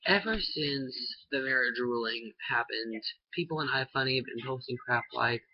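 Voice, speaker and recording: The teenage vlogger's mid-range, slightly rough voice moves at normal speed with few pauses as he rambles indignantly, jumping up sharply in pitch when riled. The lo-fi recording is dull and has no room sound.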